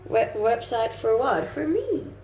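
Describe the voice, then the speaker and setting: A woman's voice: on the high side, big pitch swings, slow, gravelly, a little mellow, slight background noise. A young adult woman streaming live, chatting casually and reading comments aloud with easy laughs. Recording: roomy sound with faint music behind.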